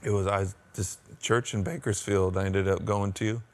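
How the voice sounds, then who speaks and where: A man's voice: lowish voice, fairly even intonation, normal speed, a little mellow. An American man in a band, telling his story in a rambling, open way during a casual interview. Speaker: band member.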